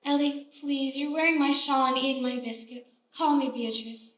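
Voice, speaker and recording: Brief: actress as a bossy, kindly old-time homemaker, high voice, roomy stage sound from a distance. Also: female voice, steady tone, normal speed, a bit bright, highs cut off. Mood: motherly. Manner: motherly, scolding, chatty. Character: kindly, bossy frontier woman baker. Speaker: stage actor. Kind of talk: live stage play acting. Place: theater stage. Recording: roomy theater stage, heard from afar.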